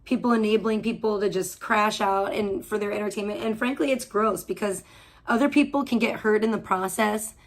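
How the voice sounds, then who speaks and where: A woman hosting an audio-only livestream from home, ranting in a heated, profane, rambling way with lots of restarts. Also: medium pitch. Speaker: livestream host.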